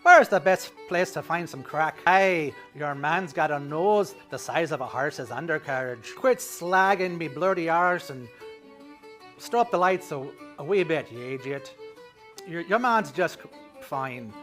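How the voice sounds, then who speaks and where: A man's voice: on the high side, expressive, unhurried, fairly bright tone, faint music behind. A man putting on a crude stage-Irish bloke. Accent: put-on Irish. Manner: swearing, slangy, mock-folksy.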